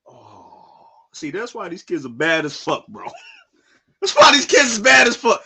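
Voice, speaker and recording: A young man on a live reaction stream, talking in slang and breaking into shouted outbursts. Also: very high voice, sing-song, normal speed, very noisy. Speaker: streamer reacting to a manga chapter.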